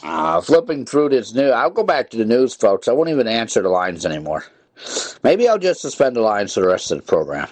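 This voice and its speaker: A man's voice: medium pitch, very animated, a little fast, no echo. A male call-in radio host scolding prank callers in an irritated, repetitive way. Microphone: studio mic with headphones.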